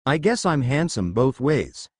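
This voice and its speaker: A wry, joking teen boy wizard with a lively, rising and falling voice, read out by a man, in a storybook reading recorded dry and close. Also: mid-range voice, a little slow, breathy edge, dry recording.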